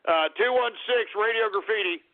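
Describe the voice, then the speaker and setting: A man's voice: sits high, moderate pace. A man hosting a call-in radio show, exasperated and swearing, often bursting into laughter. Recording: tinny phone-like radio audio.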